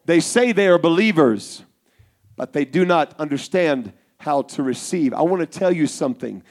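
A man preaching a Pentecostal sermon to young people, telling a story and building to shouted fervor. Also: on the high side, animated, normal speed.

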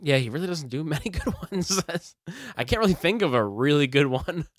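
A man co-hosting a podcast, talking through a movie review in a laid-back, halting way with frequent laughs. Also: a little high, expressive, dry recording, studio quality. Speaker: podcast co-host. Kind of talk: casual movie review chat.

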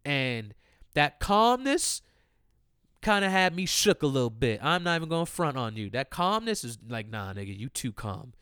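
A man in his twenties telling a profane, animated story in casual talk, repeating lines for emphasis. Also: on the high side, moderate pace, smooth, no echo, clean studio sound.

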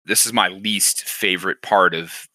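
A man's voice: low-pitched, steady tone, a little slow, bright, forceful tone, no echo. A man hosting a casual chat, talking in a reflective, encouraging way. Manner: reflective, encouraging, thinks aloud.

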